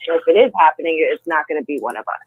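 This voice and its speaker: A man's voice: on the high side, animated, rapid-fire. A man calling in as a guest, talking earnestly in a loose way with restarts. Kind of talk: casual conversational talk. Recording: tinny phone line.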